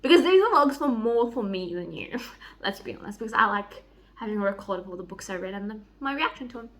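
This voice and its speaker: A young woman chatting excitedly in a book vlog, gushing, giddy and swearing freely. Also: medium pitch, brisk. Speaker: book vlogger. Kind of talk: excited reading vlog chat.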